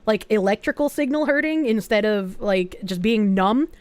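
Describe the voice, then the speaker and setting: A woman streamer chatting casually to her viewers, excitable and swearing freely as she reads and answers chat. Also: mid-range voice, normal speed, no echo.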